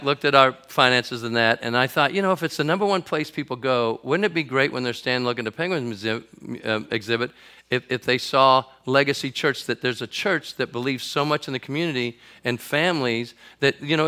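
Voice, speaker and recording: A middle-aged man, a pastor, preaching to a congregation and telling a comic story that builds to shouts at its climax. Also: medium pitch, a little fast, clean tone. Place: church auditorium before a congregation.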